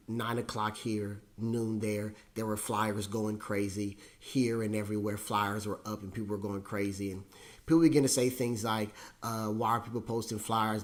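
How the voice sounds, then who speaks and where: A middle-aged man from the United States hosting a casual monologue, talking in a rambling, conversational way with lots of fillers and a wry, self-mocking humor. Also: on the low side. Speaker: host.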